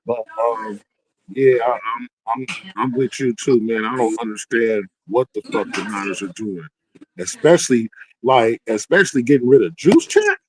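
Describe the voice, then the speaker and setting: A man talking casually about football on a talk show, laid-back and soft-spoken, a little hurt. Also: mid-range voice, expressive, normal speed, low-quality recording. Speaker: show co-host.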